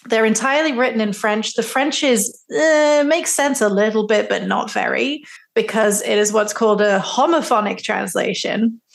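A woman's voice: a little high, normal speed, vocal fry. A woman co-hosting a podcast in casual chat, laughing often as she talks. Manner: giggly, laughs often between lines. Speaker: podcast co-host.

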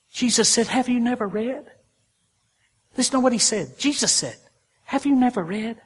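A male pastor preaching a sermon in a folksy style, his voice swelling loud and then dropping soft. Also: extremely high pitch, animated, normal speed, pauses often, husky. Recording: long hall reverb.

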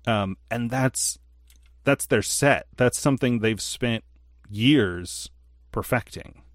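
A man co-hosting a casual podcast, telling stories in a rambling, animated way with lots of fillers. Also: medium pitch, takes it slowly, no room sound, studio quality. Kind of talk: casual chat.

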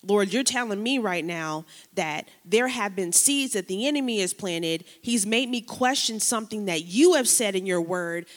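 A woman pastor delivers a sermon in a church hall, her voice trailing off into a long reverb. She moves easily from lively preaching to casual slang and hushed personal stories. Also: medium pitch.

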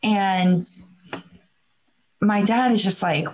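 A woman's voice: mid-range voice, steady tone, takes it slowly, a little mellow, low-quality recording. A woman from the Midwest, a podcast guest on a video call, telling a story in a chatty way with many fillers and restarts. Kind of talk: casual storytelling.

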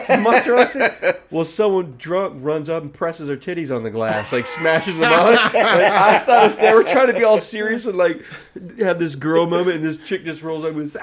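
A man's voice: fairly high pitch, moderate pace, a loud crowd. Man telling a wild story with friends. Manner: animated, acts out quotes, laughs often. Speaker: podcast host. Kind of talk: casual storytelling among friends.

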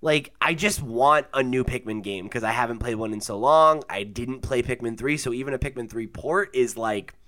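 A young man hosting a casual podcast, laid-back and quick to laugh, with lots of fillers. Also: medium pitch, sharp tone. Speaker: podcast host.

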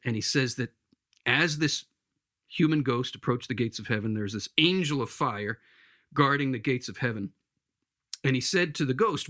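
A man's voice: mid-range voice, a little fast, a bit bright, no room sound, studio quality. Earnest man telling a story. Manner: earnest, with hesitant restarts. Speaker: speaker giving spiritual counsel. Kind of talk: storytelling in conversation.

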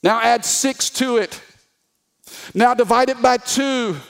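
A man preaching a sermon as a pastor, animated and humorous, reading scripture aloud and calling on the congregation to answer. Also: very high voice, slow, vocal fry, smooth. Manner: reads scripture aloud with voiced characters.

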